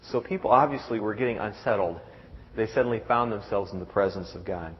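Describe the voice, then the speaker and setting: A middle-aged man preaches a sermon, stopping and restarting his words and reading verses aloud. His voice sits at a middle pitch. The sound is dull, with a long reverb from a large hall. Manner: halting, repeats words, reads scripture aloud.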